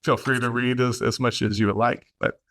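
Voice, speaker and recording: A man's voice: mid-range voice, level tone, brisk, a bit bright. A man hosting a podcast, talking casually and rambling a little, with plenty of fillers and false starts. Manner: rambling, with many fillers and restarts. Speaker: podcast host.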